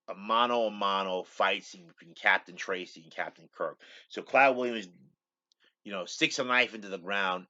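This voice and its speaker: Rambling man recapping, bright voice. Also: deep voice. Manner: rambling storyteller, many fillers and restarts. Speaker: host. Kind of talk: casual episode recap. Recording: dull lo-fi recording.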